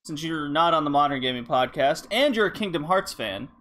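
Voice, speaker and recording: Man, podcast host, casual chat, rambling with fillers, higher voice. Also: expressive, fairly quick, fairly bright tone, slight background noise.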